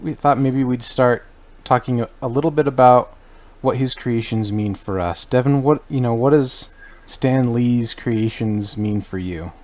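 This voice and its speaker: A man's voice: medium pitch, a little slow, darkish tone, a little hiss or hum. Teasing male podcast co-host. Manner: teasing, playful banter. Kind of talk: casual chat.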